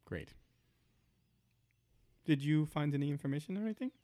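A man playing a tabletop game, chatting casually and laughing often. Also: moderate pace. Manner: lively, giggly, swoops in pitch. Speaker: player. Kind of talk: casual play chat.

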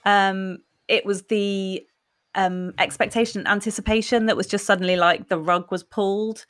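A woman's voice: medium pitch, fairly even intonation, normal speed, a bit bright. A woman in her forties, talking reflectively and candidly in a podcast conversation.

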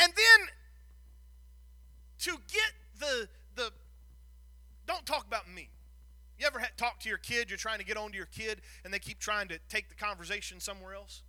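A man preaching a sermon, retelling a Bible story with lively acted-out lines and frequent stumbles and repeated words. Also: high-pitched, no echo.

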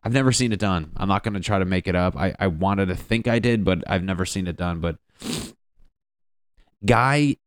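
A man's voice: low-pitched, normal speed, clean tone, dry recording, studio quality. A young man doing a stand-up comedy bit, rambling and profane, acting out quotes as he goes.

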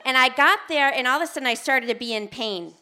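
An American woman tells a personal story live on a theater stage, animated and self-mocking. Her voice is bright and set a little high, and she throws herself into acting out each quoted line. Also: fast. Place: theater stage before an audience.

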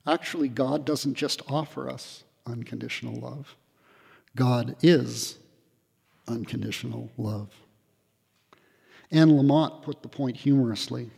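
A man giving a spiritual retreat talk in a hall, reflective and gently humorous, pausing often with fillers. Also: mid-range voice, vocal fry, slightly rough. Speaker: retreat speaker.

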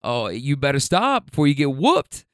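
A man's voice: medium pitch, huge pitch swings, moderate pace, a bit bright, no echo, clean studio sound. A man voicing a stern, no-nonsense aunt who scolds in a sassy, threatening way. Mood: scolding.

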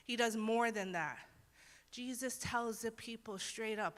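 A woman's voice: a little high, measured pace, a bit bright. Earnest woman preaching in a reverberant hall. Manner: earnest, casual, acts out quotes. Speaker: Bible teacher. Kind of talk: conversational sermon.

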